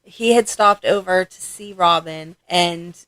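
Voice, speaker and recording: Middle-aged woman co-host, slightly low voice, steady matter-of-fact recapping. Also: unhurried. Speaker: podcast co-host. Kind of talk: casual fan podcast chat.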